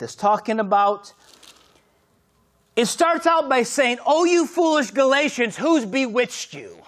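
A man preaching a sermon as pastor, swinging from shouted exclamations to hushed, intimate lines. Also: sits high.

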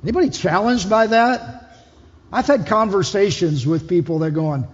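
In a church hall with a dull, echoey sound, a lead pastor with a high-pitched voice preaches a conversational sermon at normal speed. He puts questions to the congregation as he goes.

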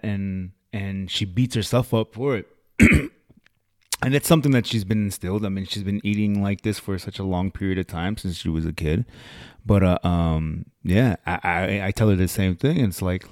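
A man's voice: low voice, measured pace, a little mellow, no room sound, clean studio sound. A man who coaches fitness clients, talking loosely on a podcast with lots of fillers. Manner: loose and conversational, frequent fillers. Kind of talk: casual podcast chat.

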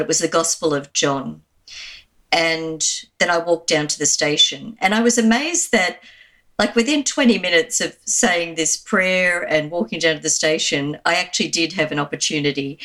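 An Australian woman, an Anglican minister, recounting a personal story in an interview with frequent fillers. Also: low voice. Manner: warm anecdotal retelling with fillers.

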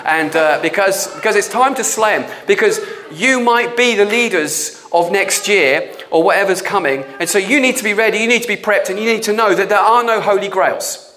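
High-voiced blunt male preacher. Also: normal speed. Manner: blunt, animated, acts out quoted voices. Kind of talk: sermon.

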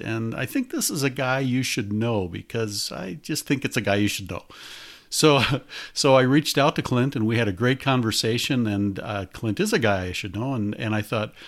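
An older man hosting a podcast in casual chat, with a chatty, hesitant manner. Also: medium pitch. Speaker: podcast host.

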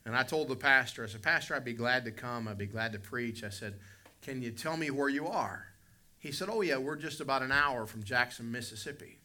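Pastor preaching, bright ringing voice, goes from hushed to loud telling a story. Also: male voice, mid-range voice, brisk. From West Virginia. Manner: storytelling preacher, swings between soft reflective and loud emphatic. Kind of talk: sermon.

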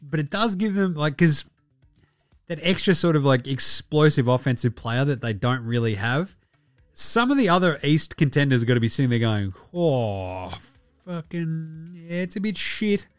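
A man's voice: medium pitch, lively intonation, moderate pace, no room sound, clean studio sound, faint music behind. Profane, rambling Australian man. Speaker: podcast host. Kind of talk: casual basketball commentary.

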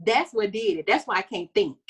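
A woman co-hosting a casual chat about a TV show, expressive and dramatic, laughing a lot. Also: medium pitch, fairly quick, a little hiss or hum. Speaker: podcast co-host.

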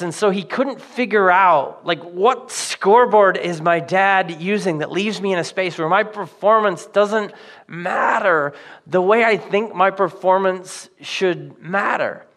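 Male pastor, mid-high voice, conversational sermon delivery, earnest. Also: a bit bright. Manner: conversational, earnest preaching with casual fillers.

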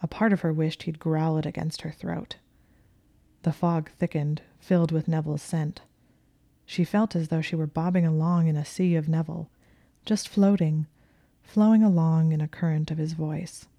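A woman reading a story aloud as narrator, measured, sometimes hushed to a whisper. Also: low voice, steady tone. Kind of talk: audiobook reading of fan fiction.

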